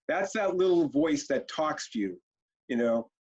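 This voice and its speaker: A man's voice: a little high, lively intonation, measured pace, darkish tone, husky. Man giving a punchy parenting webinar. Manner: direct, punchy, acts out parent and kid exchanges. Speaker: parenting trainer. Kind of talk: webinar presentation. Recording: muffled lo-fi webinar audio.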